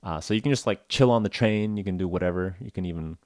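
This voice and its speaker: A man's voice: low-pitched, fast, no room sound, studio quality. A man hosting a casual English-learning podcast, talking in a rambling, jokey way full of "like" and "uh". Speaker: podcast host.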